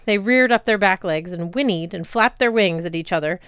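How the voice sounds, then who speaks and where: A woman reading a novel chapter aloud in a lively, expressive narrating voice on a close mic. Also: medium pitch, normal speed, clear, resonant tone, no echo. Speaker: reader. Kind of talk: audiobook narration.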